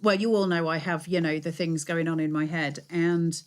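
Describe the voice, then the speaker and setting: A woman with a northern English accent and a slightly low voice, talking through a craft technique as she works. She explains each step plainly and chats easily on a live craft stream. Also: steady tone, normal speed. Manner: explanatory, hands-on, chatty. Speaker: guest craft demonstrator.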